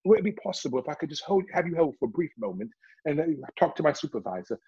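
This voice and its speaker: A man's voice: on the high side, sing-song, fast talker, dark tone, slightly rough, muffled recording. A man voicing an overly polite British male telemarketer with a prim, formal British accent. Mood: genteel.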